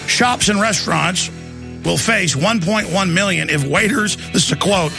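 A man hosting a political talk radio show, ranting and shouting with lots of repetition. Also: high-pitched, moderate pace, gravelly, over music.

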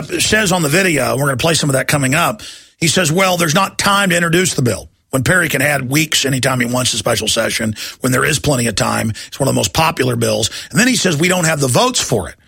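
A male talk host rants through a sarcastic political monologue in a gravelly, raspy voice. His tone is bright and edgy and sits a bit high for a man. The recording is close and dry. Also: dry recording. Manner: combative, sarcastic, ranting.

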